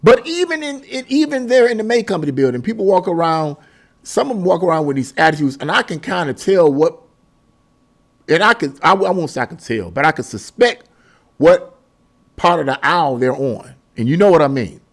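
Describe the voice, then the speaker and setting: A man's voice: a little high, sing-song, fairly quick. A man giving a casual opinion monologue to his viewers, exasperated and preachy, repeating himself and laughing between points. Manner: laughs mid-sentence. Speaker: political commentary vlogger.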